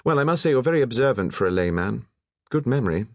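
A blunt, gruff young woman painter , as a male narrator puts her on, speaking clipped and impatient in a storybook reading. The voice sits well above the reader's own deep register, dry and close with no room around it. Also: expressive, fast, a little mellow, dry recording, lightly acted. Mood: brisk. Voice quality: gruff, curt.

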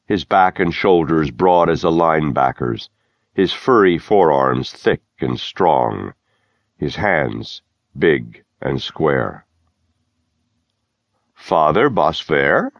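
A man narrating a novel in a measured, steady storytelling manner, recorded close in a studio. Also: sits low, vocal fry, no echo, muffled recording. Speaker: audiobook narrator. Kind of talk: scripted narration.

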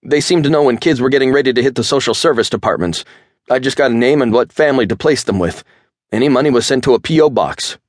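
A man voicing a scared young male vampire prisoner who whines and squeals in a high-pitched voice. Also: quick pace, no room sound, studio quality, lightly acted. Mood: whiny, panicked.

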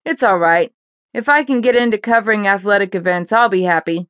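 A woman's voice: medium pitch, fairly quick, a bit bright, smooth, no room sound, lightly acted. A woman voicing a polite, respectful young man in college, in an audiobook.

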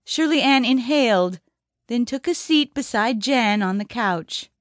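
A woman reads an audiobook in a measured, even manner. Her voice is somewhat high and unhurried, recorded dry and close with no room sound. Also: no echo. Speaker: audiobook narrator. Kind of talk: scripted narration.

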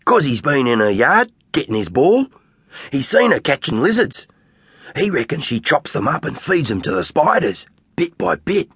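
A man's voice: medium pitch, sing-song, moderate pace, a bit bright, slightly rough, dry recording, clean studio sound, pitched above the performer's own voice, heavily acted. A man voicing an eager, gossipy young schoolgirl skateboarder in an audiobook. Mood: excited.

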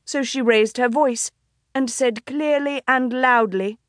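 Slow, measured woman audiobook narrator. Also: high voice, no echo, studio quality. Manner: measured, even storytelling. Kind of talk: scripted narration. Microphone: studio microphone, close.

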